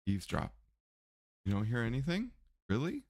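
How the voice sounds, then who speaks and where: A man casually commenting on a mystery game while reading its text aloud, animated and excitable, laughing often and talking to his chat. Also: medium pitch, normal speed. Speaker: let's play streamer.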